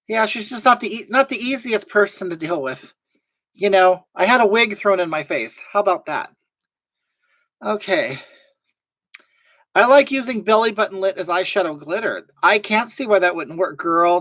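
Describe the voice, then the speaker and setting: A drag performer hosts a casual livestream, reading viewer comments out loud and dishing blunt backstage gossip with big swings in pitch. The voice is slightly bright, and the recording is dry and low in quality.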